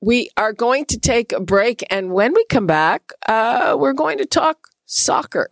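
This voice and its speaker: Woman radio host talking slowly and carefully, dry close mic. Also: on the high side, lively intonation, dry recording. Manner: measured, precise about pronunciation. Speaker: radio talk show host. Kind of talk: radio interview.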